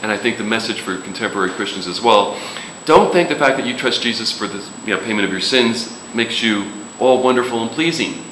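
A man's voice: fairly low pitch, brisk, few pauses, a bit bright, a little hiss or hum. A man preaching a sermon in a casual, joking way, with sudden emphatic rises. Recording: echoey room with faint ambience.

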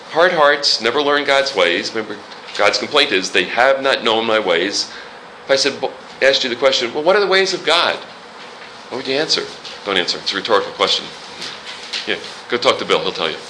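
Male pastor, very bright tone, chatty sermon with jokes, faint room noise behind. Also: medium pitch, sing-song, a little fast, poor audio. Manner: conversational, joking asides.

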